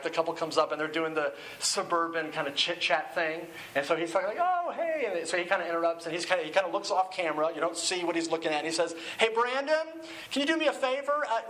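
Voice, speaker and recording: A male pastor preaching a sermon in an animated, conversational way. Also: on the high side, a little hiss or hum, rough recording. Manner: conversational, animated, acts out quoted shouting.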